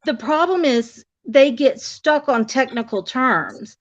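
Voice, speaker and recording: A woman's voice: high voice, slow pace. Chatty woman on lo-fi audio. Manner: rambling, restarts often. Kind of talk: casual chat. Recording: dull lo-fi audio.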